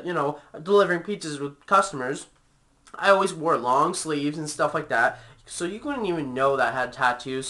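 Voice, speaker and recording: Young man ranting in a bright voice. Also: on the high side. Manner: angry, profane storytelling with frequent fillers. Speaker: vlogger. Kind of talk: casual rant to camera.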